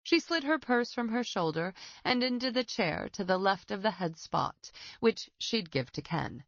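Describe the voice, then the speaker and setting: A woman narrating a suspense audiobook in a steady, even reading. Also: medium pitch, unhurried, vocal fry, no room sound, muffled recording. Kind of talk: scripted narration.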